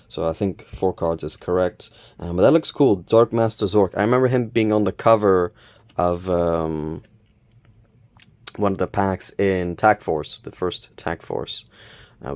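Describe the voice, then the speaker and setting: A man hosting a casual unboxing video, calmly counting cards and reading their names aloud with small self-corrections. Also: sits low. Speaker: channel host opening card packs.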